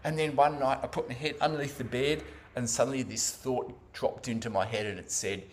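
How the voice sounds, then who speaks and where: An Australian man giving a personal talk about his path into Zen practice, speaking haltingly with many fillers and restarts. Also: medium pitch, steady tone, a little hiss or hum.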